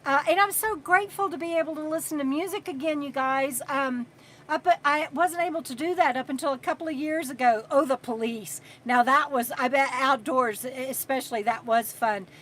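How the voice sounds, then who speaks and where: A woman in her sixties hosting a casual livestream, chatting and reading viewer comments aloud between pauses. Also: sits high, a bit bright. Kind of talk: casual live chat.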